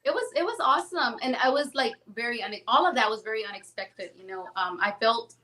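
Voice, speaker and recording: A woman guest on a podcast, telling lively stories in casual chat and acting out the quotes. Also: a little high, brisk. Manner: animated storytelling, acts out quotes. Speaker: guest singer.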